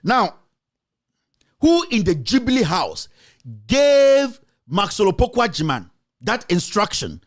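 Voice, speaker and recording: A Ghanaian man, a journalist and show host, giving heated political commentary, firing off accusing rhetorical questions. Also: high voice.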